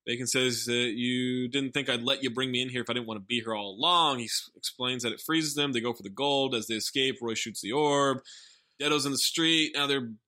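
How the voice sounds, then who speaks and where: A man's voice: medium pitch, fairly even intonation, brisk, sharp tone. A man hosting a podcast, recapping a movie plot with sardonic, wry asides. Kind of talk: casual movie recap with jokes.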